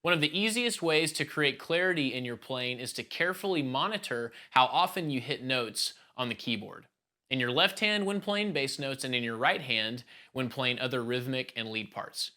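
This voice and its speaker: A man teaching worship keyboard playing, explaining calmly step by step. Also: mid-range voice, normal speed. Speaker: worship keys instructor. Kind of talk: instructional talk.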